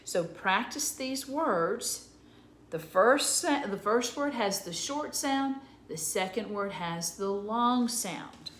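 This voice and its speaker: Slow, patient woman teaching phonics. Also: mid-range voice, animated, fairly bright tone, roomy sound, slight background noise. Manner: slow, patient, sounding out letters. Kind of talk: early reading lesson for young children.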